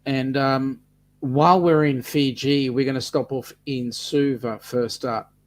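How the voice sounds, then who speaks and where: A man's voice: medium pitch, steady tone, unhurried. A man joining a live chat as a guest, describing travel plans in an easygoing way with fillers. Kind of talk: casual chat.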